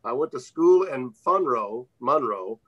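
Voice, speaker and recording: An older man from Louisiana tells career stories in a folksy, reflective way. He is a veteran sports broadcaster being interviewed. His voice is mid-pitched, and the recording is a little dull and lo-fi. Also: expressive, measured pace, fairly bright tone. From Louisiana, USA. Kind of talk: interview conversation. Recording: slightly dull lo-fi audio.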